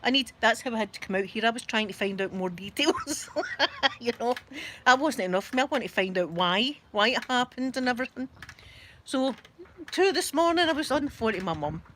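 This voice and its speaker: A middle-aged Scottish woman hosting a live stream, telling funny stories in a casual, animated way and often laughing. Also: fairly high pitch, a little fast, a little hiss or hum. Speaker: livestream host. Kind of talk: casual storytelling.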